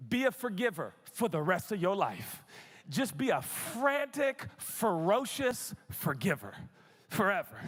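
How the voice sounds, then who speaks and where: A man in his forties preaches with animated, conversational humor. His voice sits high for a man. The sound rings out with a long reverb, as in a large church auditorium. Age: 40s. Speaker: pastor. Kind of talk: sermon.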